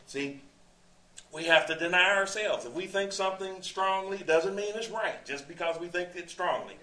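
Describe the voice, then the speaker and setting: A man's voice: sits high, normal speed, bright, forceful tone, slight background noise. A male preacher teaching a sermon verse by verse, conversational, quoting scripture and asking rhetorical questions. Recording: echoey room, distant mic.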